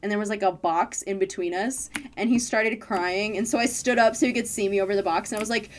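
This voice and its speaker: A woman's voice: mid-range voice, steady tone, fast talker, hardly any pauses, slight background noise. Chatty young woman streaming a game. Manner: chatty, laughs often, swears casually. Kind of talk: casual gaming stream chat.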